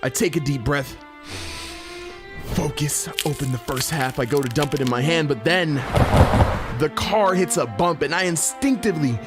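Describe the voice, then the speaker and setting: A young man narrating a comedic storytime in an expressive, playful way with slang. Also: a little high, a little slow, pauses often, loud music behind the voice.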